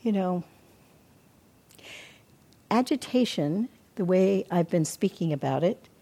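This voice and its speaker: Calm older woman giving a dharma talk. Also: lowish voice, slow. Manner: calm, reflective, acts out inner self-talk. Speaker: meditation teacher. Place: meditation hall.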